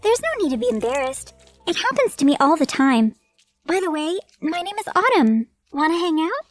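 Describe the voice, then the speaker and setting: A man's voice: very high voice, very animated, normal speed, pitched above the performer's own voice. A narrator voicing a sweet, friendly teenage girl with a bubbly manner, over background music.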